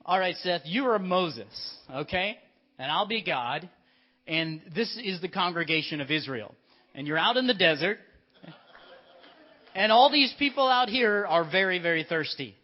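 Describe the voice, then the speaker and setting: A male pastor preaching a sermon, telling the story in a lively way and directing children in a skit. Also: high voice, unhurried. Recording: dull lo-fi church recording.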